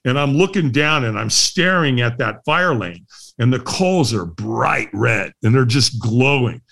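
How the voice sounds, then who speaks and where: A middle-aged man, a guest on a podcast, telling a story in a lively way and laughing often. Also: mid-range voice, unhurried, creaky. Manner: lively, laughs often, acts out the voices of others. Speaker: guest, firewalk instructor. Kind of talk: animated storytelling in a podcast interview.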